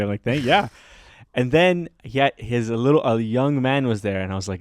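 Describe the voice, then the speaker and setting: This Canadian podcast co-host speaks in a mid-range voice with lively intonation and a brisk pace, and there's no echo. His casual chat wanders through stories, halting and full of filler words.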